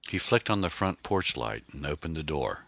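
Man, audiobook narration, very deep, bright tone, dry close mic. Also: lively intonation, normal speed, vocal fry, no echo.

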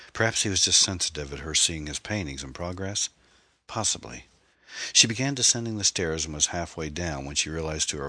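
A man reading a mystery novel aloud as audiobook narrator, measured and steady, on a close mic. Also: very deep voice, breathy edge, no echo.

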